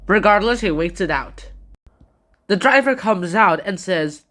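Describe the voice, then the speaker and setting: A woman's voice: medium pitch, lively intonation, a little slow, fairly bright tone. A woman giving a casual, playful book summary and acting out the dialogue. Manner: chatty, playful, acts out dialogue.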